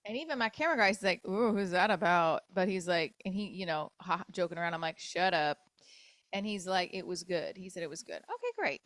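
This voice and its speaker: A middle-aged woman comedian hosting her podcast, telling a dating story in a candid, profane, animated way and acting out other people's lines. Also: on the low side, fairly quick, dry recording. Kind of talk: casual storytelling monologue. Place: New York.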